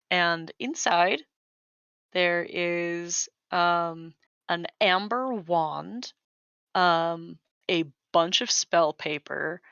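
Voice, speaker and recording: A woman narrating a tabletop game as game master, describing scenes unhurriedly with frequent 'um' pauses. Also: lowish voice, vocal fry, fairly bright tone, no echo. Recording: dull lo-fi dry recording.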